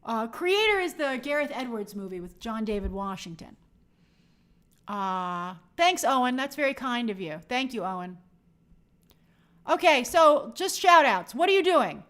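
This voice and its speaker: Streaming live from her New York home, the woman works through viewer comments and warm shout-outs, chatty and apologetic. This time her fairly high voice is very animated but unhurried.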